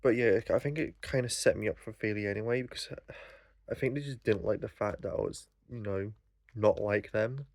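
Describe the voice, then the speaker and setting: A man's voice: fairly low pitch, normal speed, a little mellow, dry recording, studio quality. A young man telling a story in a casual vlog, rambling and swearing, full of fillers. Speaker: vlogger.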